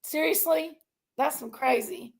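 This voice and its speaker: A high-pitched woman with a gravelly, fry-laden edge to her voice. She rants to her viewers in a heated, casual stream. She sounds fired up and keeps reminding herself to calm down. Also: measured pace. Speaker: online commentary streamer.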